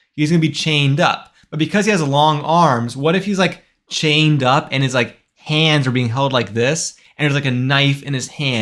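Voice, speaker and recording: While coding on a live stream, a young man in his 20s works on his game and chats casually, thinking aloud and frequently starting over mid-thought. He has a mid-range, fairly bright voice.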